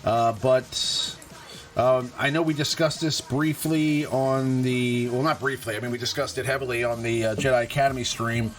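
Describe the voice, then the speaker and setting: With soft music playing behind him, a laid-back host talks through a mobile game on a casual live stream. He speaks at normal speed in a steady, medium-pitched voice, laughing easily at himself and using plenty of "uh"s.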